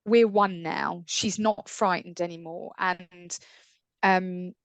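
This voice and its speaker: A woman's voice: fairly low pitch, steady tone, slow pace, dry recording. A woman speaking as a podcast guest, telling her personal story earnestly and acting out the voices in her head. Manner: earnest, acts out inner dialogue.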